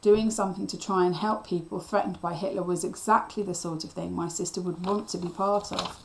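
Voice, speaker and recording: A woman teacher reading a children's novel aloud in a steady, expressive storytelling voice. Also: lowish voice, brisk, gravelly, background noise.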